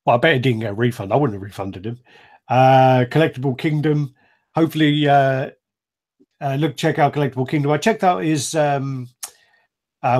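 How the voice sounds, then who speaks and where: A man's voice: medium pitch, a little mellow. A man hosting a casual live stream chat, rambling, swearing freely and laughing often.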